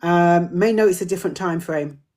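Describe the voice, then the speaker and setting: A woman's voice: on the low side, normal speed, darkish tone, faint music behind. A middle-aged woman hosting a live drop-in, talking earnestly and repeating her points for emphasis, her throat a little dry. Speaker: host of a community live drop-in. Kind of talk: casual live-stream talk.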